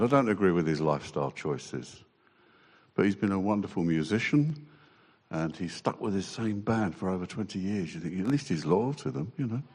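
A man giving a halting, emotional personal testimony to a church congregation. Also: low voice. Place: church hall. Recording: long church reverb.

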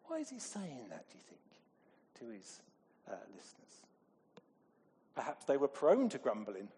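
A man's voice: medium pitch, very animated, normal speed, darkish tone, a little hiss or hum. A middle-aged man preaching a sermon in a conversational way, asking his congregation questions. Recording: echoey hall with long reverb.

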